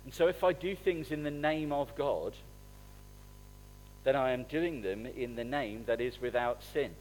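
A middle-aged man preaching a sermon in a conversational, animated way, swinging between soft asides and loud bursts. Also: mid-range voice, unhurried, a little hiss or hum, poor audio. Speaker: pastor.

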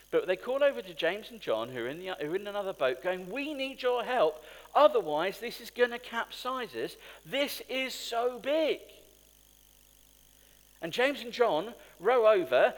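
A man preaching a sermon in a conversational, storytelling way, with asides to the congregation. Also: high-pitched. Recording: long hall reverb.

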